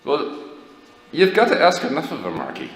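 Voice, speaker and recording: Man voicing a sly old grandpa, ladies' man, knowing chuckle, higher voice, echoey hall. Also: wildly swooping pitch, normal speed. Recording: echoey hall, faint noise.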